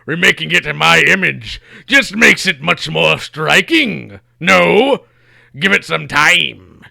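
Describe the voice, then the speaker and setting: A man reading comic lines as a smug, theatrical undead male wizard villain, slow and grandiose. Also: fairly high pitch, animated, creaky, pushed and bright, dry recording, heavily acted.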